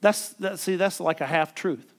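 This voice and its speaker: Emphatic preaching man, higher pitch. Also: moderate pace. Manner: emphatic preaching with call-and-response. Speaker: pastor. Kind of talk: sermon.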